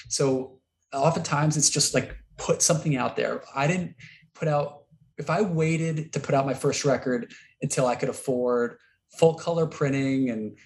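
Thoughtful man answering interview questions. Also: mid-range voice. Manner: thoughtful, hesitant, many restarts. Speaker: guest, record label founder.

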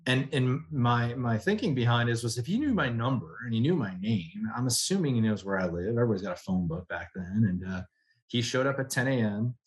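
A man from the United States, an army veteran, telling stories from his past as a guest. He speaks at a medium pitch, with plenty of fillers, and he acts out the voices of the people in his stories. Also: a little fast. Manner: animated storyteller, many fillers, acts out quoted voices. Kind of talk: conversational storytelling.

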